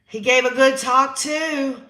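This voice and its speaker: A man's voice: very high-pitched, steady tone, slow pace, sharp tone, reverberant. A man hosting a live-stream trial recap, reading chat comments aloud and reacting with emotion. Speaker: host.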